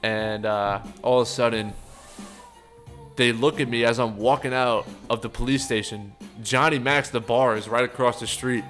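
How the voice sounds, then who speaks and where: A man's voice: mid-range voice, fairly even intonation, normal speed, a bit bright, soft background music. A young man, telling a wild story on a podcast with lots of swearing and acted-out quotes. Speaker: podcast co-host. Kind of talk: casual storytelling chat.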